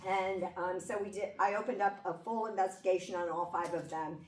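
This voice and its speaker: This woman speaks a little fast at a medium pitch, her tone steady as she lectures a class in a chatty way, frequently asking "okay?" and "right?" to check on her listeners. She's recorded in an echoey lecture room from a distant mic, with faint hum behind her.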